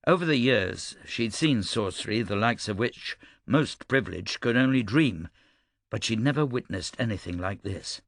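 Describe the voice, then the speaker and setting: Gravelly male audiobook narrator. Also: on the low side, expressive, moderate pace, a bit bright, dry recording, studio quality. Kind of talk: scripted narration.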